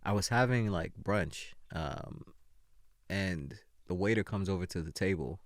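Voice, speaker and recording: A man co-hosting a casual podcast chat, telling stories in an animated way. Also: low voice, unhurried, no room sound, clean studio sound. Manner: animated storyteller. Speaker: podcast co-host.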